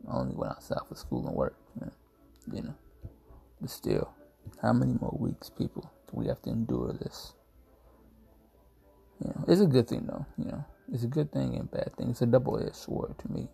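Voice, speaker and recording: A sleepy young man talks loosely through his own podcast from home, yawning as he goes and joking around in a laid-back ramble. His voice is dark and heavily husky, thick with gravelly fry. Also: mid-range voice. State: groggy and yawning, just woke from a nap. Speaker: podcast host. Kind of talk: casual solo podcast chat.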